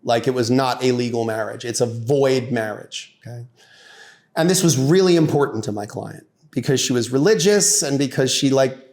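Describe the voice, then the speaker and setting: A middle-aged man, a divorce attorney and podcast guest, telling an animated courtroom anecdote in casual talk, his voice rising for the punchlines. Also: moderate pace. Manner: lively storyteller, rises in pitch and volume for punchlines; conversational, many "like" and "you know" fillers.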